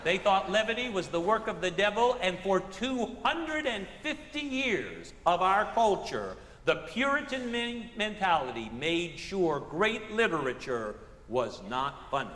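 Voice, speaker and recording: A man's voice: high voice, sing-song, unhurried, hardly any pauses, fairly bright tone, roomy sound, in a large hall, a little hiss or hum. A man giving a public literature lecture on a theater stage, asking rhetorical questions and tossing in comic asides.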